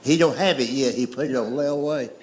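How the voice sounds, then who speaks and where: A middle-aged man telling stand-up stories in a slow, folksy way. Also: medium pitch, heavy background noise. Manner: slow, drawling storyteller with folksy grammar. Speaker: stand-up comedian. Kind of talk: stand-up storytelling. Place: comedy stage with audience laughter.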